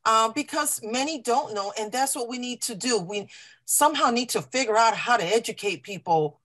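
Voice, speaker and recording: A woman patient advocate telling a personal story on a video call, earnest and animated, acting out the voices of people she quotes. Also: a little high, moderate pace. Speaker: lung cancer patient advocate.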